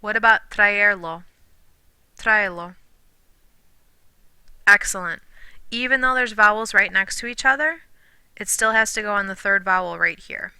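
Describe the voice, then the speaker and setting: A woman teacher explains grammar patiently, slowing down to sound out example words. Her voice is very bright and smooth, and the recording is dry and close with no room sound. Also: medium pitch, no echo. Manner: clear, patient explaining with slow modeled pronunciations; drops to a whisper when counting syllables. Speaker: Spanish teacher. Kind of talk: recorded classroom lesson.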